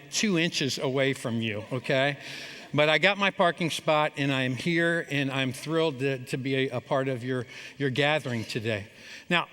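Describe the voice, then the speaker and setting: A middle-aged man tells funny family stories at a chapel gathering, now and then acting out his parents' lines. His voice is bright and a little high. A long reverb hangs behind him in a large hall. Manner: storytelling, jokey, acts out his parents' lines. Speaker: chapel speaker. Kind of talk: humorous chapel talk.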